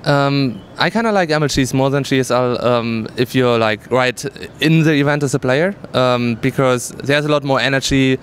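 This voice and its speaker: A man's voice: medium pitch, normal speed, few pauses. Give me a young German-accented man chatting candidly in an event interview, faint noise behind. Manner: candid, laughs easily, hesitant fillers. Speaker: pro gamer guest. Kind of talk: casual interview answers. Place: busy gaming event venue.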